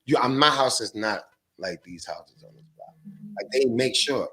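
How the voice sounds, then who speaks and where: A man's voice: mid-range voice, lively intonation, moderate pace, sharp tone. A man holds forth as a podcast guest, talking about trading in loose, profane street slang. His voice sits in the middle of the male range, and his stories wander from point to point. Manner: slangy, profane, rambling storytelling. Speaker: podcast guest, stock trader. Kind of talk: casual podcast chat.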